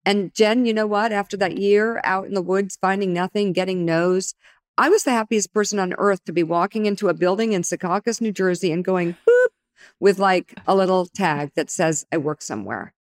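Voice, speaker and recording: A middle-aged woman tells a career story in an animated, conversational way, slipping into the voices of the people she quotes. Her voice is recorded close and dry, with no room sound. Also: mid-range voice, a little fast, no room sound. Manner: animated, acts out quoted dialogue. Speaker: guest, TV news anchor.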